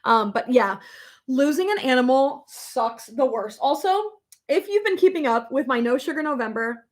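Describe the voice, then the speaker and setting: A young woman talks casually to her viewers in a slightly high voice. She is chatty and openly emotional, laughs easily, and fills her sentences with ums and likes. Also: lively intonation, normal speed. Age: young adult. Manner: chatty, emotional, laughs often, many fillers. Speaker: vlogger reading live chat. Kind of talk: casual chat.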